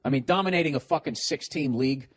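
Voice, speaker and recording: A man's voice: medium pitch, fast, slightly rough. A man hosting a podcast, ranting bluntly and swearing constantly as he gives advice. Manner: blunt, heavily profane, ranting. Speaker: podcast host. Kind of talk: profane advice rant.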